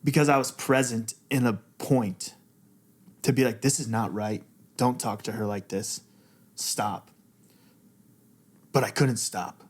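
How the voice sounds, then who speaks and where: A man's voice: mid-range voice, fairly even intonation, a little slow, pauses often, slightly rough. A man in his thirties, a podcast guest, talking candidly and emotionally, close to tears and swearing freely. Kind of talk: candid conversation.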